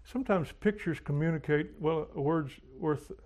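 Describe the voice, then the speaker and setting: Male preacher, slightly high voice, folksy storyteller, dramatic dynamics. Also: normal speed, a little mellow. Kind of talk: sermon with anecdotes.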